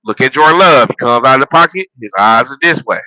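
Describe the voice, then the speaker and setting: Bright, dry-voiced man ranting about football. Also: mid-range voice, fast talker, dry recording, rough recording. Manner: animated, profane, laughs at his own jokes; repeats phrases and restarts while building a point. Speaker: sports vlogger and football fan. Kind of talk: casual sports rant.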